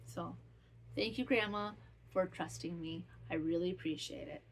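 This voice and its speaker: A woman's voice: fairly low pitch, moderate pace, a little hiss or hum. A woman hosting a podcast who chats casually in a rambling, heartfelt way. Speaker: podcast host. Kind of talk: casual chat.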